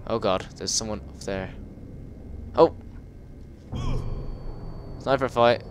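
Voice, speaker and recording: A man giving an excitable, cursing commentary while playing a video game, breaking into loud yells. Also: fairly low pitch, slow, long pauses, a little hiss or hum. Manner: excitable, swears, bursts into yells. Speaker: gameplay video host. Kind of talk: let's play commentary. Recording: game music clearly behind the voice. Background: game music and sound effects.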